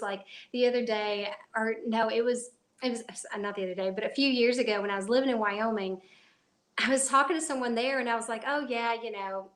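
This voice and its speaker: A woman with a Kentucky accent hosts a casual live chat stream from her phone held at arm's length, rambling and laughing often. Her voice is a little high, and the room is echoey.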